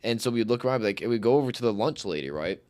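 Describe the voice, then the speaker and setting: A man's voice: mid-range voice, animated, rapid-fire, darkish tone, no echo, clean studio sound. Rambling young male streamer telling stories. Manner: rambling, slangy, swears often and repeats himself. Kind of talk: casual storytelling on a livestream.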